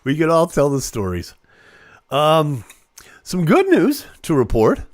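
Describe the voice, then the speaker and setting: A man's voice: a little high, wildly swooping pitch, unhurried, no room sound, studio quality. A man hosting a live online show, casually reading celebrity news aloud with playful jokes and asides.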